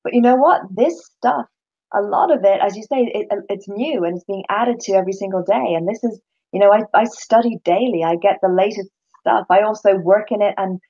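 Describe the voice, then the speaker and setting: A woman leading a course, talking in a casual conversation, animated and quick to act out other people's voices, with frequent restarts. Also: mid-range voice, husky, lo-fi sound. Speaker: course leader and speaker.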